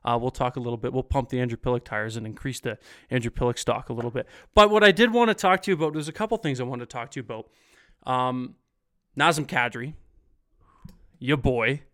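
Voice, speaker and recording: A man hosts a casual post-game hockey stream as a podcast host, reading viewer comments in an upbeat, chatty way. His voice is mid-range and fairly bright, and he talks briskly.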